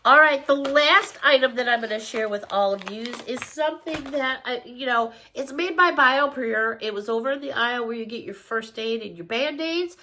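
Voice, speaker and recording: A woman's voice: fairly high pitch, normal speed, hardly any pauses, bright, forceful tone. A sick woman from Chicago chatting enthusiastically through a shopping haul vlog, gushing over each item. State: sick, coughing. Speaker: haul vlogger.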